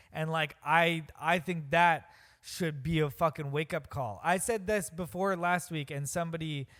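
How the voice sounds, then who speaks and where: A man co-hosts a casual podcast chat. His voice sits a little high, and he talks earnestly, rambling and restarting his sentences as he goes. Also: a bit bright. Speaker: podcast co-host.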